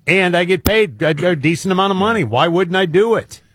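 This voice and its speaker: Blunt husky-voiced radio man. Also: high voice, lively intonation, fairly quick, fairly bright tone. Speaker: co-host. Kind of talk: casual talk radio chat.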